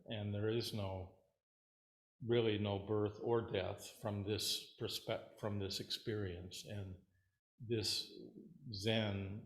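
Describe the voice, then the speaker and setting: A man as Zen teacher giving a dharma talk in a relaxed, rambling, hesitant way, at a meditation center. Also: lowish voice. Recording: roomy hall echo.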